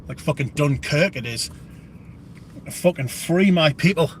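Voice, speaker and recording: A man's voice: fairly high pitch, lively intonation, measured pace, slight background noise. A British man hosting a livestream, chatting casually and rambling with plenty of swearing. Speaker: livestream host. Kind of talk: casual live chat.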